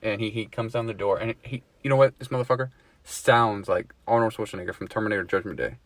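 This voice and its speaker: A man's voice: lowish voice, fast, no echo. A man telling a story to a friend in a casual chat, swearing freely and laughing at himself. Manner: swears a lot, laughs at his own story.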